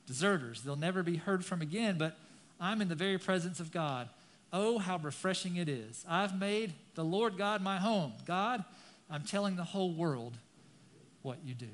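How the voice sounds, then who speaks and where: High-voiced preacher with twang. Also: male voice, lively intonation, normal speed. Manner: dramatic scripture reading, rising loud on key lines; conversational asides to the congregation. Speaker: pastor. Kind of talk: sermon.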